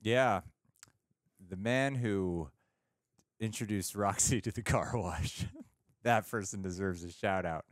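A man's voice: lowish voice, slow pace, pauses often, dry recording, clean studio sound. A man co-hosting a movie reaction show, teasing and laughing in casual chat.

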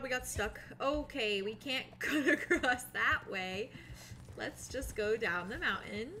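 A woman's voice: mid-range voice, lively intonation, moderate pace, background noise. A woman streaming a game with casual commentary, swearing freely, laughing and narrating her own moves as she goes. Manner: laughs often and panics loudly. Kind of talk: casual live gameplay commentary.

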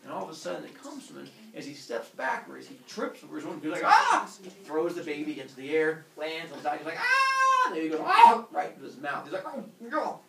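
Speaking fast and gravelly with hardly a pause, this male teacher turns a myth into a comedy for his class, animatedly giving the characters squeaky, silly voices. Heavy background noise fills the echoey room, the mic sits far away, and students are audible.

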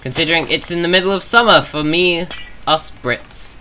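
English man, southern accent, sharp bright tone, chatty self-deprecating gameplay commentator. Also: fairly high pitch, normal speed, slight background noise, rough recording. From England. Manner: rambling, self-mocking, jokey asides. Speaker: gaming YouTuber. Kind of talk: rambling Minecraft gameplay commentary.

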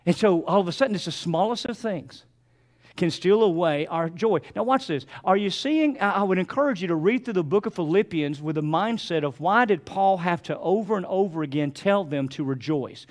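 An older man preaching a sermon as pastor, repeating phrases and calling out to his congregation. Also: high-pitched.

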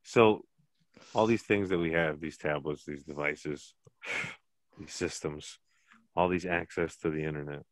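A man's voice: a bass voice, measured pace, pauses often, no room sound. A man co-hosting a casual podcast, talking bluntly and rambling, often laughing at his own jokes. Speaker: podcast co-host. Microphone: podcast mic.

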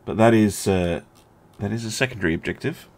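A man's voice: fairly low pitch, brisk, darkish tone. A man giving casual, musing commentary on a naval strategy game as host, chuckling often and poking fun at himself. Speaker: gaming video host.

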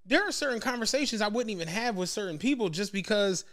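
A man's voice: high-pitched, lively intonation, quick pace, fairly bright tone. A man from Philadelphia, a podcast co-host, chatting casually and telling long stories, acting out what other people said. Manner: rambling storyteller, acts out others' quotes.

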